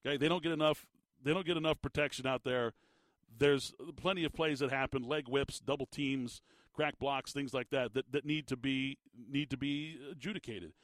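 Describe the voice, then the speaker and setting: A man hosting sports talk radio, animated and emphatic, often repeating his words as he gets worked up. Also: medium pitch, normal speed, no room sound. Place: radio studio. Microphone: studio microphone.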